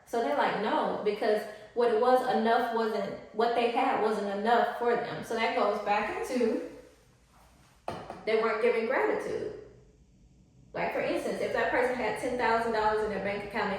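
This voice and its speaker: Slangy, animated woman coach with a fairly high voice, heavy room echo. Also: normal speed, far from the mic. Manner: animated, slangy, acts out high-pitched quotes. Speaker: spiritual life coach. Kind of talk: casual teaching to camera. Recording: very echoey room.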